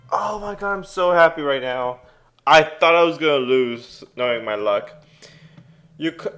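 A young man giving casual, excitable let's play commentary and reading game text aloud at home. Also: fairly high pitch.

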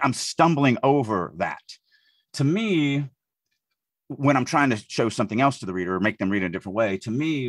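Husky-voiced man. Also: mid-range voice, no room sound. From US Deep South. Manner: animated, thinks aloud with frequent restarts. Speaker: podcast co-host, writing editor. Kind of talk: casual podcast discussion.

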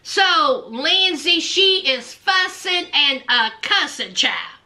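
A woman talks through a reality show recap with sass, slipping into voices for the people she describes. Her voice sits very high and bright and swings widely in pitch. She takes her time with each line. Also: expressive, takes it slowly. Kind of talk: casual recap commentary.

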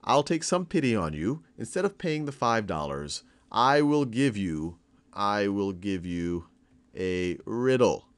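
A man's voice: lowish voice, sing-song, a little slow, clear, resonant tone. A man voicing a pompous, self-satisfied male bridge troll in a playful math-lesson story. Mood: boastful. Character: rich, boastful male bridge troll demanding tolls.

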